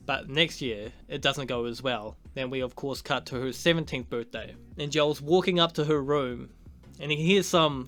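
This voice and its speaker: A man's voice: a little high, pushed and bright. A man casually recapping and reviewing a TV episode, rambling and swearing freely, often chuckling.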